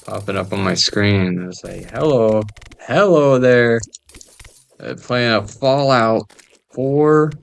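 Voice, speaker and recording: A man's voice: fairly low pitch, steady tone, slow pace, gravelly. A man joking and rambling through casual gameplay commentary, often trailing off into mumbled asides. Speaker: gamer recording gameplay.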